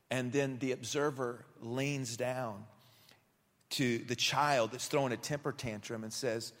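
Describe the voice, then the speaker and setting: A male pastor giving a sermon, telling stories in a relaxed, conversational way with many fillers and restarts. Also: medium pitch, measured pace. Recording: long hall reverb.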